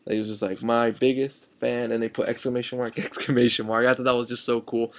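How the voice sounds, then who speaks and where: A young man telling an excited, rambling story to his vlog viewers about meeting someone he admires. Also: medium pitch, very fast. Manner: excited, rambling, many fillers and restarts. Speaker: fan vlogger.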